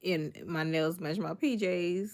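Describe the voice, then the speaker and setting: With a fairly low, darkish voice, she speaks a little slowly. The young woman from Miami, Florida livestreams cooking, reading comments and greeting viewers by name in a laid-back, sassy way.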